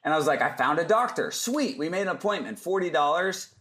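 A man speaking as a guest on a podcast, his voice sitting a little above the usual male range. He tells lively stories in a casual way and acts out the lines of the people in them. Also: a little high, fairly quick. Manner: lively anecdotes, acting out other people's lines. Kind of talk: casual storytelling interview.

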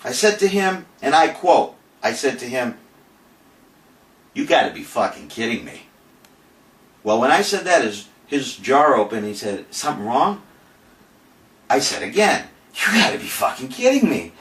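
An older man, a podcast host, telling a boastful story in a brash, animated way. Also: mid-range voice, a little slow, pauses often. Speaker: podcast host saying farewell. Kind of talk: casual storytelling monologue. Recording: roomy, distant, faint noise.

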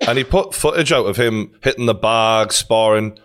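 A man's voice: lowish voice, moderate pace, fairly bright tone. Chatty Geordie man hosting a podcast. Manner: chatty, swears, many fillers and restarts, calls listeners mate. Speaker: podcast host. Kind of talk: casual podcast chat.

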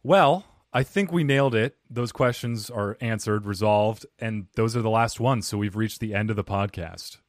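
A man hosting a comedy podcast, trading dry, low-key jokes in casual chat. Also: moderate pace, hardly any pauses, dry recording. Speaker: podcast host.

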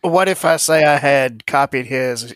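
A man playing a tabletop game, speaking briskly about his character. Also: mid-range voice, dry recording, clean studio sound. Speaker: player.

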